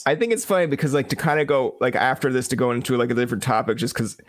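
A man's voice: medium pitch, rapid-fire, no echo, studio quality. A man from Newfoundland hosting a podcast, chatting loosely and jokily with lots of "like" fillers. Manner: loose, filler-heavy, jokey. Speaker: podcast host. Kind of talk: casual podcast chat.

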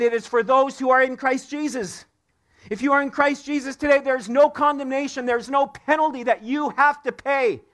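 High-voiced guy preaching in church, really emphatic, keeps repeating words to drive them home. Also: a bit bright. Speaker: pastor. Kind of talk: sermon. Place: church sanctuary.

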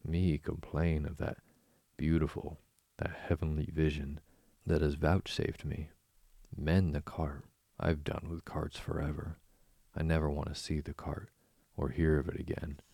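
A man's voice: a bass voice, flat delivery, a little slow, vocal fry, warm tone, slightly rough, no echo, studio quality, exaggerated voice. A man voicing a dreamy, boastful male toad obsessed with motor cars, murmuring rapturously in a storybook reading. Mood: dreamy rapture.

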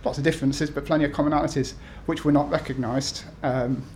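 A man's voice: on the high side, fairly even intonation, quick pace, a little mellow, slight background noise. A man in his thirties from the UK, an author talking to an event audience with many ums and restarts, then reading his essays aloud. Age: 30s.

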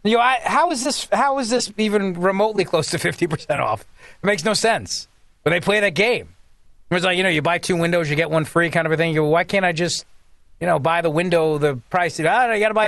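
A man's voice: sits high, a bit bright, no room sound. A man filling in as a talk radio host, delivering a sarcastic, mocking political monologue.

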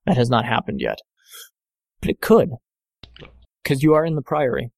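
A man's voice: mid-range voice, wildly swooping pitch, moderate pace, vocal fry, a little mellow, dry recording. A man narrating as game master of a tabletop game, rambling with lots of fillers and self-corrections.

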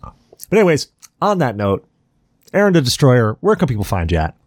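A man's voice: medium pitch, huge pitch swings, normal speed, darkish tone, no room sound, studio quality. A man hosting a podcast, telling a rambling, profane story in casual chat. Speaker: podcast host.

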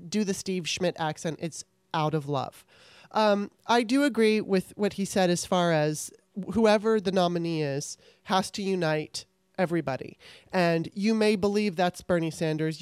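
A woman's voice: on the low side, darkish tone, clean tone, no room sound. A woman podcast host and author, wrapping up an interview and talking to her listeners in a chatty, earnest way. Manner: chatty, earnest, laughs often. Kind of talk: casual interview and solo wrap-up.

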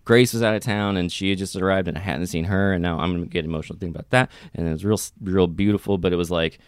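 Smooth low-voiced man, earnest podcast talk. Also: steady tone, fast talker, no echo, clean studio sound. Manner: earnest, reflective, loose rambling with fillers. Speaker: podcast co-host. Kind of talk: casual podcast chat.

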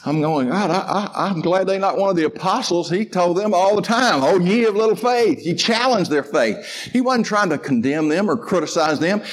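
Man, pastor, sermon, fairly high voice, folksy, restarts, soft to fervent. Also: expressive, a little hiss or hum. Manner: folksy, conversational preaching with repeated restarts; swings from soft and slow to loud and fervent.

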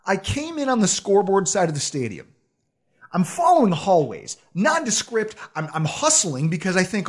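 A man co-hosting a podcast, telling a self-deprecating story in a casual, animated way with frequent laughs. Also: high voice, fairly quick, breathy edge. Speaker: podcast co-host.

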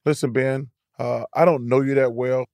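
A man's voice: medium pitch, fairly even intonation, normal speed, darkish tone, dry recording. An older man co-hosting a casual podcast, boisterous and blunt, laughing often as he talks. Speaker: podcast co-host.

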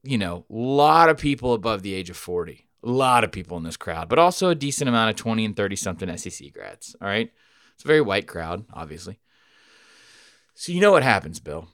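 A man hosting a podcast, telling a rambling, profane story with sudden loud outbursts. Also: fairly low pitch, big pitch swings, fairly quick, no room sound, studio quality. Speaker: podcast host. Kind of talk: casual storytelling chat.

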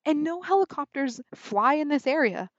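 A young woman telling a story in a casual, animated way, peppered with "like" and acting out her own thoughts. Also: high voice, moderate pace, dry recording, dull audio. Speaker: podcast guest, hunter.

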